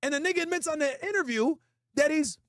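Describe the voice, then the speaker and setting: High-voiced blunt male streamer. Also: quick pace, over music. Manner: blunt, profane, talks straight to chat. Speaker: livestream host. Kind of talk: casual livestream chat, reading viewer comments.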